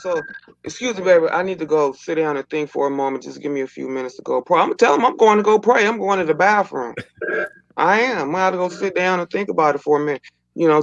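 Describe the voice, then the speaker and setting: Expressive woman, dull dry sound. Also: fairly low pitch, normal speed, no echo. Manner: expressive, acts out quotes. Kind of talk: casual panel chat.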